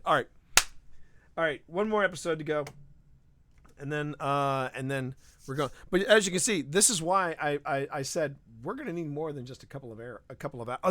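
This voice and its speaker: A man co-hosting a live podcast stream, talking in an animated, rambling way with frequent restarts. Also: fairly high pitch, fairly quick. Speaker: podcast co-host. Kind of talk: casual live-stream chat.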